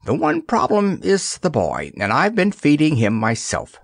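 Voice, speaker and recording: A man voicing a gentle, wise female hippopotamus in a storybook, speaking gravely and calmly. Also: fairly high pitch, measured pace, dry recording, studio quality, voice pushed up, heavily acted. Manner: grave, calm and solemn.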